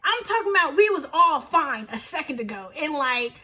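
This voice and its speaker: A young woman in her twenties, telling an animated story to camera in a slangy, emphatic way and often laughing. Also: high voice, moderate pace, slight background noise. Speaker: vlogger.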